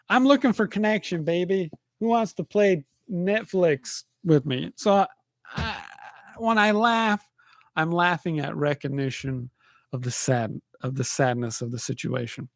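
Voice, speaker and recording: A man's voice: on the high side, dry recording. Chatty man rambling with a dry sound. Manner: animated storytelling, says dude and man a lot. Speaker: podcast host. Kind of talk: casual rambling monologue.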